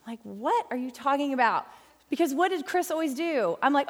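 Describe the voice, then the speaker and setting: A middle-aged woman teaching a Bible study in a chatty, folksy, animated way. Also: sits high, normal speed, in a large hall.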